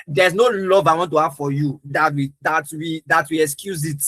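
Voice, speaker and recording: Bright-voiced young man giving an emphatic talk. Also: fairly high pitch, steady tone, normal speed, few pauses, dry recording, poor audio. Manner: earnest, emphatic storytelling. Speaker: trainer. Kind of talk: live training talk.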